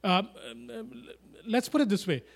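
A man preaching a sermon, animated and emphatic, with chatty asides and humorous stories. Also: extremely high pitch, normal speed, creaky. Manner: animated, rising to loud emphatic declarations.

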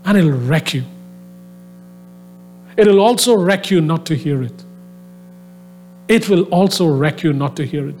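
A man's voice: fairly high pitch, expressive, unhurried, long pauses, a little mellow, a little hiss or hum. A man preaching a sermon, telling a story conversationally with many fillers, then building into a fervent exhortation to his listeners. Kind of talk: sermon to a live audience. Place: venue with a soundboard.

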